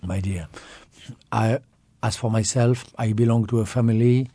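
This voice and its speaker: A man's voice: mid-range voice, normal speed, no echo. French-accented man in his fifties, emphatic. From France. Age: 50s. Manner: expressive, emphatic, repeats phrases. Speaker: author and guest. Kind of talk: interview conversation.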